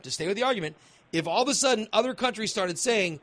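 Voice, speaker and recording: A man's voice: sits high, animated, quick pace, a bit bright. A man hosting a talk radio show, arguing his point emphatically and repeating phrases as he builds his case. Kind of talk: opinionated talk radio debate.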